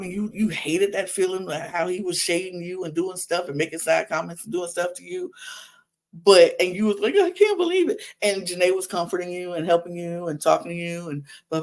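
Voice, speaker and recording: A woman hosting a podcast, talking casually in a sassy, exasperated way. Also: fairly low pitch. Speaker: podcast host recapping a reality show. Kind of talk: casual chat.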